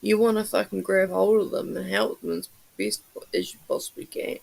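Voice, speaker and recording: A man's voice: high-pitched, little pitch movement, normal speed, vocal fry. A man hosting a live stream, chatting in an emphatic, sweary way over a video call. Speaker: stream host. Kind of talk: casual chat.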